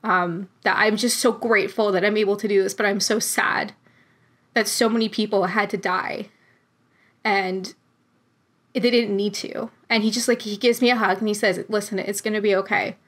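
A woman's voice: mid-range voice, fairly even intonation, moderate pace, fairly bright tone. Chatty young woman, heartfelt story. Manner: heartfelt, chatty, many fillers. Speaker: vlogger. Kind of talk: casual storytelling vlog.

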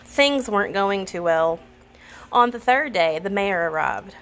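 A woman reading a children's picture book aloud in an expressive storytelling manner. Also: medium pitch, unhurried, a little hiss or hum. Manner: expressive, laughs at the funny parts.

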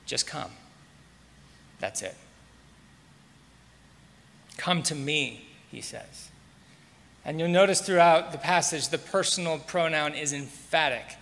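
Bright-voiced pastor preaching in a reverberant hall. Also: male voice, on the high side, gravelly. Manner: measured, repeats key words for emphasis. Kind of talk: sermon. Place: church sanctuary.

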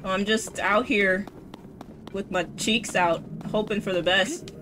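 Streaming a video game, a woman offers laid-back commentary that swings through mock panic, swearing and sarcastic cheer. Her voice is medium-pitched and slow, with game music and a noisy background behind it.

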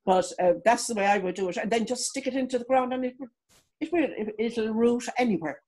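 A woman's voice: fairly high pitch, fairly quick, a little mellow. Chatty Irish woman on a video call. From Ireland. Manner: chatty reminiscing, many restarts. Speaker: guest. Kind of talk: video call interview chat.

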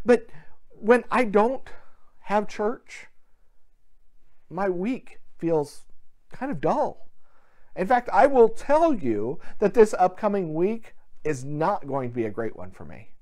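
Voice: mid-range voice, darkish tone. A pastor giving a sermon to a church without its congregation gathered, telling a story with quoted dialogue in an earnest way.

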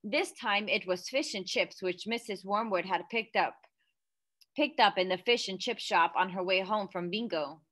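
A woman reading a children's storybook aloud in an expressive, lively way. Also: medium pitch, moderate pace. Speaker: storybook reader.

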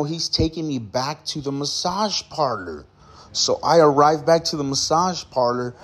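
A man vlogger casually retelling a story to his viewers, acting out the dialogue as he goes. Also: mid-range voice. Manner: animated retelling, acts out dialogue.

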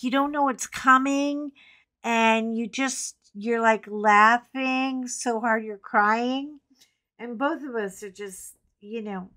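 A woman's voice: fairly high pitch, creaky, bright, forceful tone. A middle-aged woman chatting casually at home while she paints, telling a funny story with frequent laughs and a bit of salty language. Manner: chatty storyteller, laughs often, colorful swearing. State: recovering from a cough. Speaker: craft channel host. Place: home craft table.

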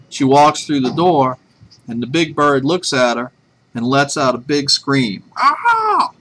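A man's voice: medium pitch, a bit bright. A man teaching a math class, chatty and self-deprecating, telling a joke before getting to the lesson. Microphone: webcam. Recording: faint room noise from a webcam.

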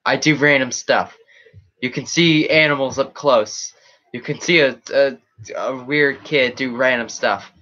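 A man's voice: medium pitch, fairly even intonation, measured pace, pushed and bright, dull audio, slight background noise. A man chatting casually on a live stream, rambling as he reacts to chat comments. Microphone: webcam setup.

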